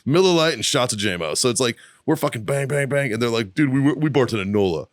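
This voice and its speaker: A man's voice: mid-range voice, expressive, quick pace, dry recording, clean studio sound. Profane rowdy man. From South Boston. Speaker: podcast co-host. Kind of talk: casual storytelling.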